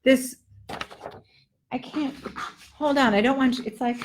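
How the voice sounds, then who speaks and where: A woman's voice: sits high, a little slow, background noise. A woman teaching English pronunciation in a live online lesson, joking between drills and exaggerating sounds to show the difference. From Netherlands-based. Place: home, indoors.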